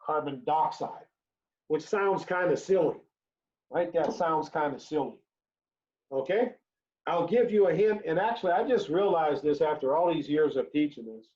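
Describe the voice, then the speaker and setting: A male chemistry teacher with a fairly high voice gives a recorded lecture, walking through the rules step by step. He repeats each key phrase and keeps asking "right?" The sound is dull and lo-fi, like a remote class recording. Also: expressive, normal speed, mellow.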